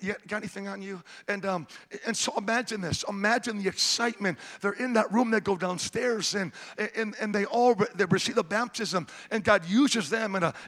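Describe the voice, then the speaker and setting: A man preaching a sermon, moving between loud, impassioned retellings and quiet, conversational asides to the congregation. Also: high voice, breathy edge.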